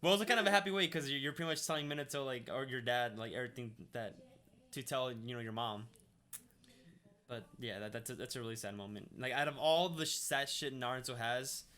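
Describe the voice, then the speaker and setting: A young man with a bright, forceful voice co-hosts a casual podcast. He talks excitedly and swears freely, often tripping over and restarting his sentences. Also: mid-range voice, a little fast. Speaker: podcast co-host. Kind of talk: casual chat.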